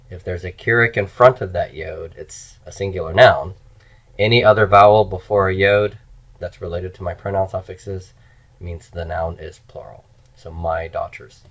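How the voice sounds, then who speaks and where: A man teaching grammar in a slow, explanatory lecture, repeating key forms as he goes. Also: low-pitched. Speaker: Hebrew teacher. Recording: dull lo-fi lecture recording.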